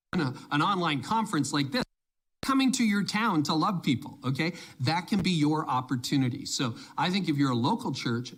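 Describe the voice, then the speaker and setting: A man speaking on church leadership at a conference, emphatic and energetic, often quoting imagined voices in his talk. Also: mid-range voice.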